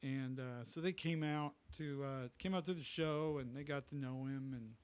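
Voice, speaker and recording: A man's voice: medium pitch, normal speed, smooth. A middle-aged man, a comedian guest, telling a rambling anecdote in casual podcast talk and acting out the people he quotes. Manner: rambling anecdote teller, acts out quoted voices.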